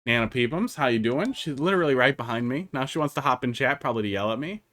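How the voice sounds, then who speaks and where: A man with a Wisconsin accent streams live, casually commenting as he plays and replies to chat. His mid-range voice is animated, fast, and a bit bright.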